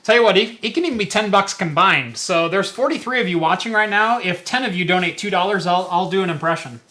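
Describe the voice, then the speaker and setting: Guy hosting a live tech and beer stream, bright voice, kinda high, rambly and trips over words. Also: fast. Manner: chatty, stumbling over words, asks viewers for donations. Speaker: host. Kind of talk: casual live-stream chat.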